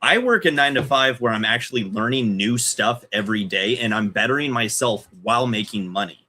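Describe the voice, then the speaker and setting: Bright-voiced, blunt male co-host. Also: medium pitch, brisk. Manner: blunt, joking, swears when giving advice. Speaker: podcast co-host. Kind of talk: casual live-stream chat.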